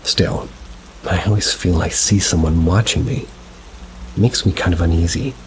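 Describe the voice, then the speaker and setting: Deep-voiced man narrating ghost stories. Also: moderate pace, noisy background. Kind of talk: reading first-person paranormal stories.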